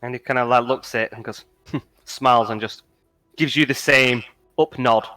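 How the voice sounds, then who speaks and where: A man narrates a tabletop session as game master, his voice bright and forward. The sound is dry and close, with faint music underneath. He hedges and restarts, piling up "kinda, like" as he describes the scene. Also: mid-range voice, steady tone, normal speed, no echo. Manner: hesitant, filler-heavy narration.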